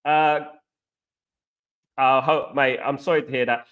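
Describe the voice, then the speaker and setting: A man's voice: on the high side, slow pace, pauses often, a bit bright, clean tone. An English man hosting a casual live stream, chatting to viewers and reading out their comments, calling them guys and mate. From England.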